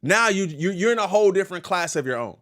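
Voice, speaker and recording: A young man hosting a hip-hop news reaction stream, casual and slangy, breaking into loud outbursts and quick asides to his chat. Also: sits high, lively intonation. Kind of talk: casual live-stream reaction, reading a legal filing aloud.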